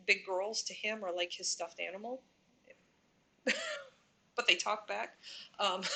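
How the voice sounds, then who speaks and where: A woman hosting a reaction commentary channel, her voice bright and forward. She rambles and speculates, leaning on fillers as she works through her point. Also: mid-range voice.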